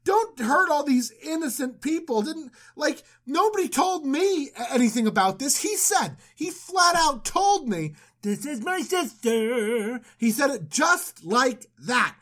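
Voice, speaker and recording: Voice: very animated, a little slow, few pauses, a bit bright, heavily acted. A podcaster voicing an aggrieved male king who protests his innocence, pleading in a raised, exasperated voice. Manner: pleading, high-pitched, exasperated.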